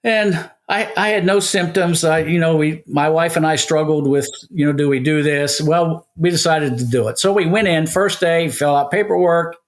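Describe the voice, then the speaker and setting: An older man in his seventies tells his story to an interviewer. His voice sits a little high, and he is animated, playing out both sides of the conversations he recounts. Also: normal speed, few pauses. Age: 70s. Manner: animated storyteller, acts out quoted dialogue. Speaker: guest. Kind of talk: casual storytelling.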